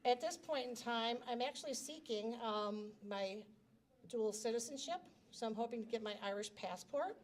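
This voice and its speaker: A woman's voice: on the high side, moderate pace, a little hiss or hum. A middle-aged woman giving a prepared personal speech as grand marshal at a reception, talking in a chatty, self-deprecating way into a handheld microphone. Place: reception hall.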